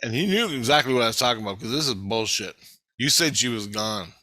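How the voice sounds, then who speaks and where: A man's voice: mid-range voice, animated, quick pace, bright, forceful tone, dry recording. A middle-aged man in an agitated, rambling vlog monologue, swearing heavily.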